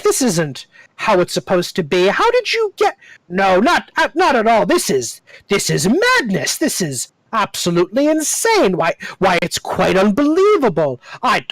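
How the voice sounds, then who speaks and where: Game master voicing a slow, babbling would-be king, repeats himself endlessly, dry sound. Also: medium pitch, no room sound. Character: rambling unhinged man who would be king.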